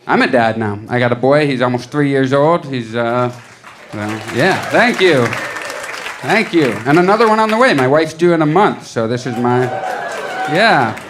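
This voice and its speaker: Conversational stand-up comedian, middle pitch. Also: male voice, animated, normal speed, a crowd in the background, noisy background. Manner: conversational, self-deprecating, acts out voices. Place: comedy club stage.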